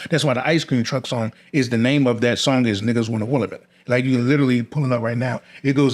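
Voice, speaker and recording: A man's voice: medium pitch, fast talker. Laid-back male podcast host. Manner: frequent backchannel agreement, loose slang. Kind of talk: casual interview chat.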